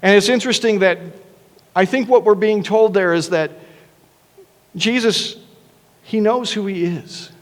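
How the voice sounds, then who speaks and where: A man's voice: high voice, measured pace, pauses often, in a large hall. A man preaching a sermon as pastor, earnest and conversational, often restarting his words. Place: church sanctuary.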